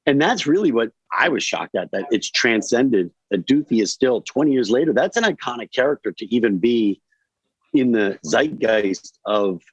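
A man from Delaware, a guest actor in a casual podcast chat, rambling and animated with lots of fillers. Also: medium pitch, moderate pace, husky, dry recording, lo-fi sound. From Delaware, USA.

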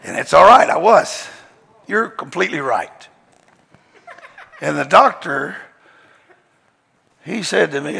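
A male preacher with a high, gravelly, husky voice delivers an animated storytelling sermon in a folksy, emphatic drawl. He takes it slowly with long pauses, his bright, forceful delivery echoing with long reverb through a large church hall.

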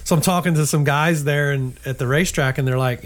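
Older man telling a lively story. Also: on the high side, fairly quick. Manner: animated storyteller acting out quoted dialogue. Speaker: guest telling a travel story. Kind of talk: casual storytelling chat.

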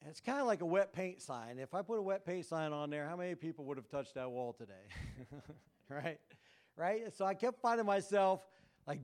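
Male pastor, relaxed conversational sermon style, clear and smooth. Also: a little high, fairly quick. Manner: conversational, joking, asks the crowd "right?". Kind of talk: casual sermon.

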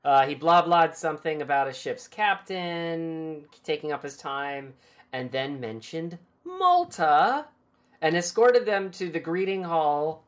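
Very low-voiced woman recapping a book. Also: lively intonation, measured pace. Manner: irreverent, laughing, swears casually. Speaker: podcast host recapping a book. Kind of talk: casual chat.

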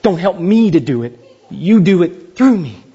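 A man in his thirties preaching a sermon as pastor, swinging from loud, high exclamations to slow, hushed pleading. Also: sing-song, slightly rough, highs cut off.

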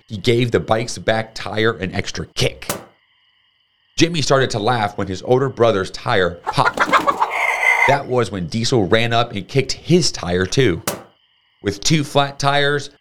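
A man reading a children's storybook aloud in a steady, plain storytelling manner. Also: mid-range voice, a little hiss or hum. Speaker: storybook reader.

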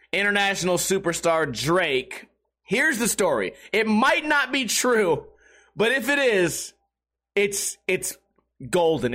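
High lively rambling man. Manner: rambling, crude, self-mocking. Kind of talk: solo comedic monologue.

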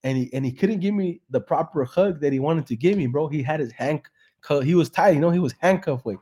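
A man's voice: on the high side, brisk, dark tone, husky. A young man tells a joke in a laid-back, profane way on a live podcast, switching between English and slang. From San Jose, California. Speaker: comedian and podcast host.

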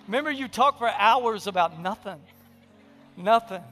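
A man preaching a sermon in a conversational, humorous storytelling way, sometimes dropping to a hushed, intimate delivery. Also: sits high, expressive, normal speed, soft background music. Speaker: pastor.

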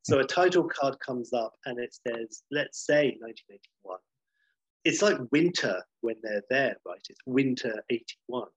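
A man, casually pitching and reading out a film script, rambling and correcting himself as he goes. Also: lively intonation, measured pace, breathy edge, dry recording, rough recording. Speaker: podcast host pitching a film idea.

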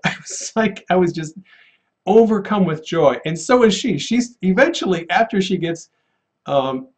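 A man telling a faith testimony from his paramedic work, animated and laughing often as he acts out the voices he quotes. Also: high voice. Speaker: paramedic and guest sharing a testimony. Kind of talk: casual storytelling testimony.

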